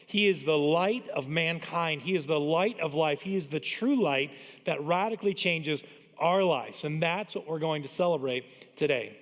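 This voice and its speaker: A man's voice: a little high, animated, normal speed, a bit bright. A man in his thirties preaching a Christmas sermon as pastor, talking in a conversational way and telling family stories. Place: large church hall. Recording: long church-hall reverb.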